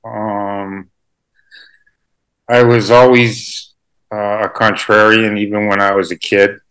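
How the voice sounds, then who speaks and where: Brief: male interview guest from Canada, slightly low voice, rambling, chuckling, self-deprecating. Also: flat delivery, takes it slowly, a bit bright, clean tone, poor audio. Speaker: journalist guest. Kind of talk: casual interview conversation.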